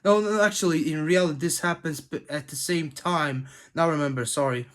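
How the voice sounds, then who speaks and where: A tired man giving a casual spoken review of a TV episode, halting often and clearing his throat between fillers and restarts. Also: on the high side, fairly bright tone.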